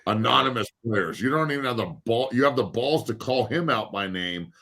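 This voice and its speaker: A man's voice: mid-range voice, expressive, moderate pace, sharp tone. A man speaking as a guest panelist in a heated, casual debate, blunt and profane as he rants.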